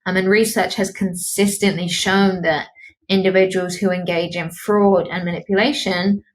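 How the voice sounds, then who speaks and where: A woman's voice: on the low side, little pitch movement, moderate pace, slight background noise, poor audio. Woman explaining psychology on a podcast. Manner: explanatory, academic. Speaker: psychologist co-host. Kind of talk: podcast discussion.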